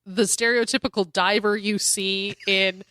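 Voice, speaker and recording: A woman co-hosting a casual comic book podcast, swearing freely and riffing with animated asides. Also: medium pitch, clear, resonant tone, no echo. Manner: profane, animated, quick asides. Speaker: podcast co-host.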